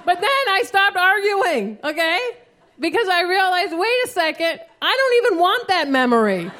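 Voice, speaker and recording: High-voiced woman doing stand-up. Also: normal speed. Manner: profane, animated storytelling with acted outbursts. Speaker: stand-up comedian. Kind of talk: stand-up comedy set. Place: comedy club stage before a live audience. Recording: live show with audience noise.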